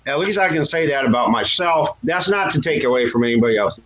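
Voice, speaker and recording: Talking fast and animatedly, a man chats casually and candidly about his past, laughing at himself and raising his pitch to act out what others said. The highs in the recording are cut off.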